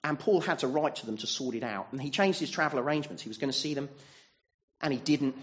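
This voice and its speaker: A man's voice: mid-range voice, fast. A man preaching a sermon in a church, earnest and asking the congregation many rhetorical questions.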